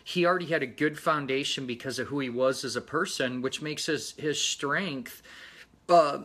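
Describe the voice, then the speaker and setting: A man hosting a casual personal vlog, talking earnestly in a rambling, halting way with many fillers. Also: mid-range voice, a bit bright. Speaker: motorcycle channel host.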